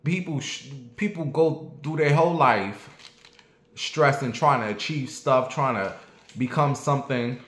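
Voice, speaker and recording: A man's voice: mid-range voice, unhurried, a bit bright. Blunt, profane man in an echoey room. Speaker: vlogger. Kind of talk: casual rant to viewers.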